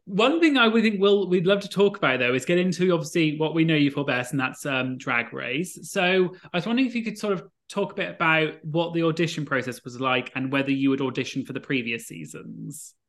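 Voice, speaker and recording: A man's voice: on the high side, fairly quick, few pauses, a bit bright. A man interviewing a guest for his channel, chatty and enthusiastic with his questions. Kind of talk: casual interview chat.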